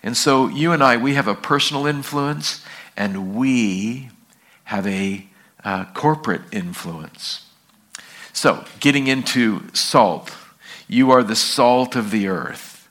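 A man's voice: medium pitch, slow pace, fairly bright tone. A man pastor teaching an evening sermon, reading scripture and asking the congregation questions in a conversational way.

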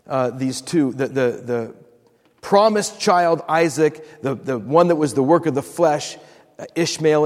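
A man's voice: on the high side, a little mellow, in a large hall. A man preaching a sermon as pastor, acting out quotes and repeating words for emphasis.

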